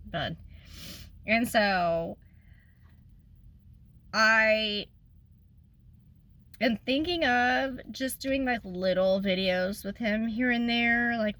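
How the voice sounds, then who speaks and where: A woman's voice: medium pitch, fairly bright tone. A woman, talking in a rambling, emotional way in a casual personal vlog, tearful at times. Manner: rambling and emotional, trails off and restarts. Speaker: vlogger.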